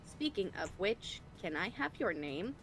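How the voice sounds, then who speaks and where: A woman performs a lively female brain in a jar with a faintly mechanical voice at an ordinary mid-range pitch. She sounds upbeat, a little flirty and full of energy. The whole thing comes through an online voice call. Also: measured pace, soft background music. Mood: chipper. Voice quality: slightly robotic voice. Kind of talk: fan voicing of game dialogue. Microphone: voice call over the internet.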